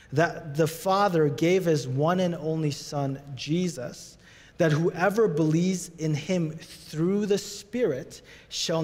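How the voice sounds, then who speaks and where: A man preaching a sermon as pastor, animated, rising to high emphatic peaks. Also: long reverb tail.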